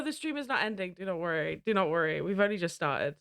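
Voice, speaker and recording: Excitable girl chatting to her stream, giggly, dry close mic. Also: on the low side, fast, gravelly, few pauses, dry recording. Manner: excitable, giggly, talks to chat. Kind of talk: casual live-stream chat.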